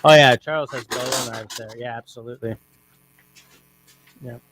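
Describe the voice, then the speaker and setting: A man hosting a casual livestream who reads out viewer comments in a relaxed way. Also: mid-range voice, moderate pace, noisy background. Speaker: livestream host reading chat.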